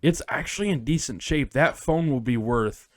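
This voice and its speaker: Young man, co-host, assertive, explains tech, medium pitch, dry close sound. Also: normal speed, no echo. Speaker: podcast co-host. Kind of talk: casual chat.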